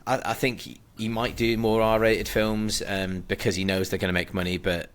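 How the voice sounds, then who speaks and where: Male podcast co-host, lowish voice, loose rambling banter. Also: flat delivery, normal speed, fairly bright tone. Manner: rambling, talks over his co-host. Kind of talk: casual chat.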